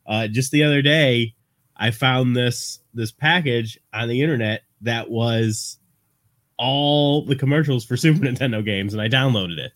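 A man co-hosting a podcast, talking casually in an animated, storytelling way. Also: mid-range voice, a little slow.

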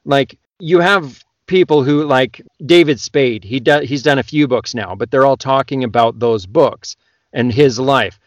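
A man with a Canadian accent, an audiobook narrator on a podcast, talks loudly and gets excited. His voice is close and dry, with no room sound. He sits at a middle pitch. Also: unhurried, dry recording. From Western Canada. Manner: loud, excitable talker. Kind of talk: casual podcast chat.

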